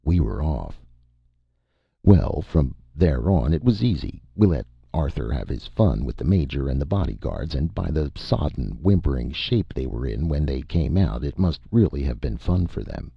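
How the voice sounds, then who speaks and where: A man with a gravelly, husky voice giving an animated first-person audiobook narration. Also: very deep voice, moderate pace, dry recording, dull audio.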